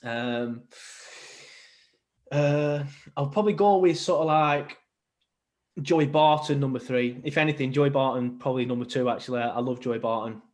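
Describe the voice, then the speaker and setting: A man's voice: mid-range voice, steady tone, moderate pace. A young man, chatting casually as a podcast guest, rambling with many ums and restarts. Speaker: podcast guest, football fan. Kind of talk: casual chat.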